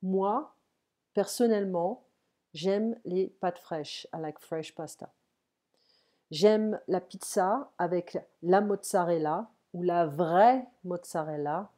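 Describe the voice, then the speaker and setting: A French-accented woman teaches French over an online call, pausing often to check understanding. Her voice sits low and sounds soft and mellow. She talks at home into a computer mic. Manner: explains slowly, switching between French and English, with frequent "ok". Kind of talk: casual one-on-one French lesson.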